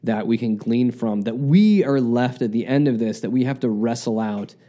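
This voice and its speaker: A man's voice: medium pitch, normal speed, mellow. A man from the United States co-hosting a podcast, earnestly reflecting in casual talk and often restarting his sentences. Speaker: podcast co-host.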